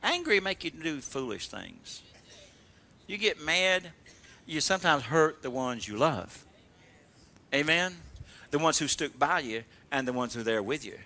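High, animated, bright-voiced man preaching. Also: measured pace, pauses often. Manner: animated storytelling with call-and-response; laughs while telling stories. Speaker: pastor. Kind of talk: sermon.

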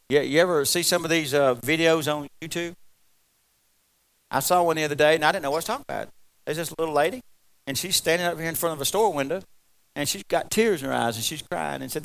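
Man, pastor, folksy sermon, slightly high voice, loud-then-soft delivery. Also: fairly quick, creaky. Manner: folksy, repetitive, swings between loud exclamations and quiet asides.

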